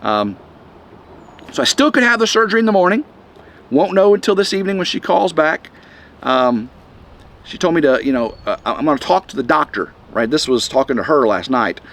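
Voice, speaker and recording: A man's voice: a little high, a bit bright. Rambling man vlogging outdoors. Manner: rambling, halting, many restarts. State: chest congestion. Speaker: vlog host. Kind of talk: casual rambling vlog. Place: outdoors in the wind.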